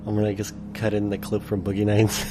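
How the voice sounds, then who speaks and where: A man's voice: lowish voice, monotone, brisk, noisy background. A man co-hosting a podcast in casual chat, rambling with lots of filler words. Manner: rambling, many "like" fillers, laughs often. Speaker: podcast co-host.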